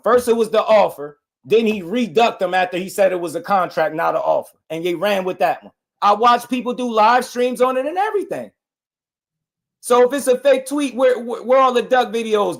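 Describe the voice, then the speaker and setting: A man's voice: sits high, normal speed, gravelly. Insistent man on a live boxing stream. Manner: animated, insistent, repeats himself, calls out viewers. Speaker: boxing show host. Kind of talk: live-stream boxing talk, answering chat.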